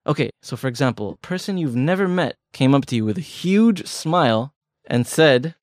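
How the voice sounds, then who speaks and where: Clean studio sound without echo captures a man's animated, mid-range voice at a moderate pace. He co-hosts a laid-back language-learning podcast, keeping things chatty and funny while explaining with everyday examples.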